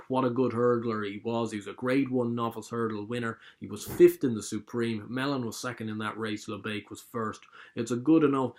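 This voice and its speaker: Chatty man talking horse racing. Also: fairly low pitch. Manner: chatty, opinionated, self-correcting. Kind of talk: casual solo racing talk.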